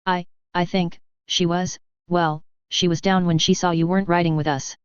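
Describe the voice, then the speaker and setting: Woman doing a loud crude soldier man, blunt and rough-spoken, low smooth voice, dry sound. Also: flat delivery, moderate pace, no echo, lightly acted. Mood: gruff. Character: big, crude, boisterous male soldier. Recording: slightly dull, dry lo-fi recording.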